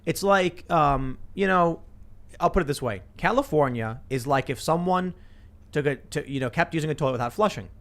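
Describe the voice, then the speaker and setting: Animated male host, slightly high voice. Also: moderate pace. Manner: animated, acts out quotes in shifting voices. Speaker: show host. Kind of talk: casual political chat.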